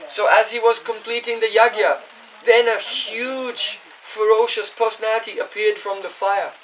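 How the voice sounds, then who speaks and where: A man's voice: high voice, steady tone, normal speed, fairly bright tone. A man giving a scripture class, explaining at length, chanting Sanskrit verses and checking in with his listeners. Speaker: spiritual teacher. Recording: voice distant from the mic.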